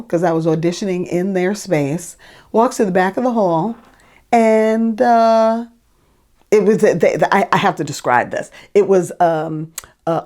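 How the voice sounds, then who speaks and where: Woman, singer, casual storytelling, lowish voice, chatty, filler words. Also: a little mellow. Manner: chatty, lots of fillers and restarts. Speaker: singer telling an audition story.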